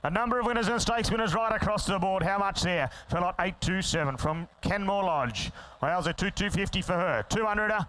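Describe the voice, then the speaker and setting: A high, bright male voice, calling bids as an auctioneer in a rapid rattling chant. His tone is smooth and clear, and he throws quick teasing asides to the bidders between calls. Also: no echo, rough recording. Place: sale ring.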